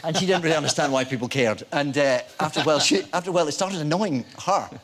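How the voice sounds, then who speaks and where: A Scottish man, a guest actor on a chat show, telling lively anecdotes and acting out the people in them. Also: on the high side, fast. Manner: animated storyteller, acts out voices in quotes. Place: TV studio with audience.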